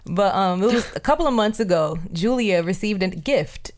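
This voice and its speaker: A young woman co-hosting a podcast in casual chat, telling stories with animated laughter and swearing. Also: medium pitch, moderate pace. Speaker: podcast co-host.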